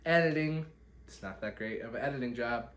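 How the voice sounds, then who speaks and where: A man's voice: mid-range voice, brisk, a bit bright. A young man hosting a solo podcast, rambling and self-deprecating as he catches viewers up, recorded on a phone. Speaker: podcast host. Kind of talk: solo catch-up vlog talk. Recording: echoey room, faint background hiss.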